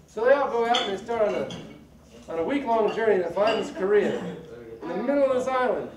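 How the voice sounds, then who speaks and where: A man's voice: sits high, expressive, fairly quick. A man telling long jokes on stage at a family variety show, slipping into voices for the people in them. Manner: loose storyteller, puts on voices for the people in his jokes. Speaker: comedian in a family variety act. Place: large hall, live show. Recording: echoey hall from far off, loud crowd. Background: crowd.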